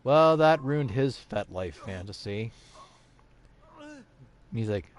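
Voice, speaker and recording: A man's voice: mid-range voice, big pitch swings, slow pace, pauses often, bright, forceful tone. A man giving crude, profane let's-play commentary, ranting at the game and sometimes going mock-dramatic and sing-song. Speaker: gameplay commentator.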